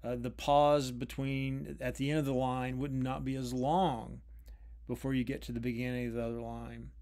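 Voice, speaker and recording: A man giving an unscripted lecture on poetry, thoughtful and careful, often pausing and restarting his phrases. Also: medium pitch, level tone, a little mellow. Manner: thoughtful, with frequent restarts and drawn-out pauses.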